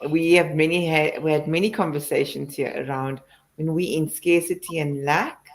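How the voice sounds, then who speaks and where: A woman's voice: low voice, steady tone, normal speed, rough recording. A woman hosting an interview, reflective and affirming. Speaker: host. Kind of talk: conversational interview.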